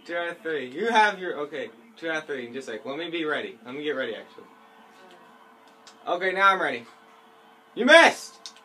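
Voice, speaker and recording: A man's voice: fairly high pitch, fast. A man doing casual gaming commentary with a friend, pleading, teasing and yelping as he plays. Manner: excitable, yelps and shouts when playing. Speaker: gaming video host.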